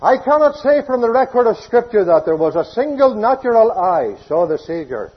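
Male preacher, emphatic sermon, high lively pitch, lo-fi recording. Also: normal speed, breathy edge. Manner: emphatic preaching, swings between loud declarations and hushed phrases.

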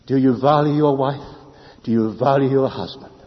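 A man preaching a sermon, swinging between loud declarations and hushed speech. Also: medium pitch, normal speed. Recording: lo-fi with long hall reverb.

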